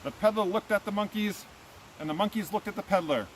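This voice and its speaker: A man's voice: high-pitched, brisk, a little hiss or hum, poor audio. A man, a teacher, reading a picture book aloud to children outdoors and asking them questions as he goes. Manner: animated, asks children questions.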